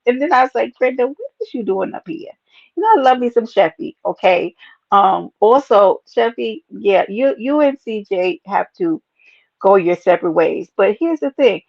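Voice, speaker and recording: Animated woman hosting a chatty livestream. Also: mid-range voice, creaky, no room sound, lo-fi sound. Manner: animated, playful, talks to chat as baby and y'all. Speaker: livestream host. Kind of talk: casual livestream chat reading comments.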